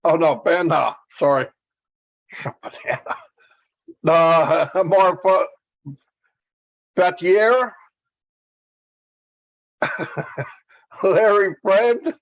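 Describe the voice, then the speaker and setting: A man's voice: high-pitched, extremely slow, long pauses. Laid-back male co-host, jokey, muffled lo-fi livestream sound. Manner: relaxed, joking. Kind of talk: livestream chat greetings. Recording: dull lo-fi stream audio.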